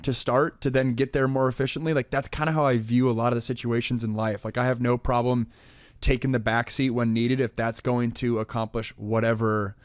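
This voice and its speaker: Young man, podcast co-host, laid-back and joking, rambling, mid-pitched, dry close mic. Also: level tone, a little fast, no echo. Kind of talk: casual couple chat.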